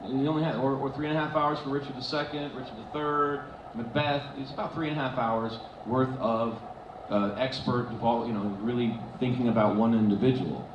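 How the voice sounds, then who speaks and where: A man chatting on a convention stage, laughing and restarting his sentences as he tells stories. his mid-pitched voice is picked up by a handheld mic and sounds dull and lo-fi. the hall is roomy and the noisy crowd is clearly heard behind him. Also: fairly quick, few pauses. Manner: animated, laughing storyteller with many restarts. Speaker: convention panel guest. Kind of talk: casual stage Q&A storytelling. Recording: echoey hall, dull, noisy fan recording.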